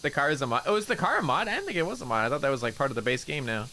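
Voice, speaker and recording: A man's voice: mid-range voice, big pitch swings, rapid-fire, sharp tone, slight background noise. A man chatting casually on a gaming stream, rambling through funny stories with lots of laughing and swearing. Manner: rambling, laughing storyteller who swears a lot.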